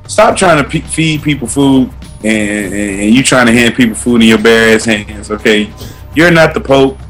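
Laid-back man ranting, mid-pitched voice. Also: a bit bright. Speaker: podcast co-host. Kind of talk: casual profane chat, ranting.

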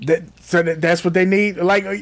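A man in his thirties co-hosting a casual, crude podcast chat, animated and joking. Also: high voice. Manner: animated, joking, quick rises into laughter. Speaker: podcast co-host.

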